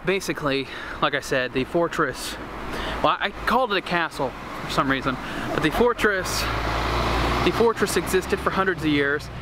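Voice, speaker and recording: A young man from Pennsylvania hosting a casual travel vlog, joking and playful with slangy asides, filmed outdoors in an old town on a handheld camera. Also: fairly high pitch. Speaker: travel vlogger host. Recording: noisy outdoor street sound.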